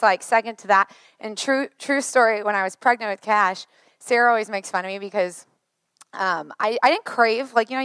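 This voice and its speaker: A woman in her thirties preaching a sermon, chatty and joking, her voice a little worn and hoarse. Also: fairly high pitch, no room sound. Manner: chatty, joking, lively asides. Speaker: pastor.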